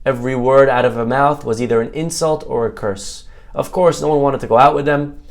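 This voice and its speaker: A rabbi giving a Torah talk, telling a parable as an animated, jokey storyteller. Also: male voice, medium pitch, fairly quick, gravelly.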